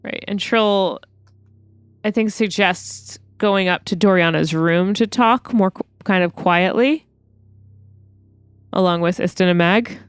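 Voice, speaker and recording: A woman's voice: medium pitch, slow pace, long pauses, smooth, no echo. A woman playing a tabletop game, hesitant and thinking aloud with frequent ums. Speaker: player.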